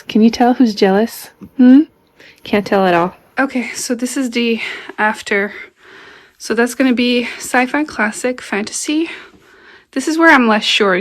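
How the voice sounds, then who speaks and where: A woman book vlogger chatting casually at home, recorded on the camera's own mic. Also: mid-range voice. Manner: chatty, talks baby talk to her cat. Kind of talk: casual vlog chat. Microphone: camera mic, no external mic.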